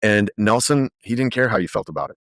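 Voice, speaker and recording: Podcast guest, male, lowish voice, animated storyteller, dry close sound. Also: fast talker, dry recording. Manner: animated, lively storyteller with frequent fillers. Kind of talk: conversational storytelling.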